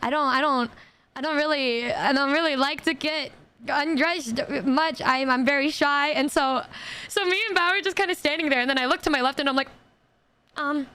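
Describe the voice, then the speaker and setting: High-voiced woman telling a rambling story. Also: normal speed. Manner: rambling, stammers and repeats words, quotes others in animated voices. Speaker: streamer. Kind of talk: casual storytelling chat.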